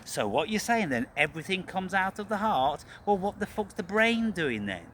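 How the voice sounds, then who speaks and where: A man's voice: high voice, sing-song, moderate pace, fairly bright tone, slight background noise. A man hosting his own channel, delivering an angry, profane rant about spirituality, repeating himself and calling out to "people.". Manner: profane, ranting, repetitive, addresses listeners as "people". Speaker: channel host.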